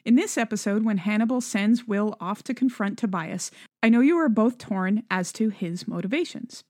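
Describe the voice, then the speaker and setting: A woman's voice: medium pitch, normal speed, a little mellow, dry recording, studio quality. A woman co-hosting a podcast, reading listener emails aloud in casual chat, earnest and laughing easily. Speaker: podcast co-host.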